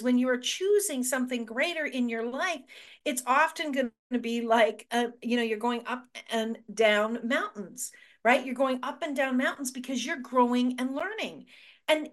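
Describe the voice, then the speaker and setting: A woman's voice: high-pitched, fairly bright tone. Upbeat emphatic woman show host. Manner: earnest, emphatic, repeats for stress. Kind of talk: motivational talk show monologue.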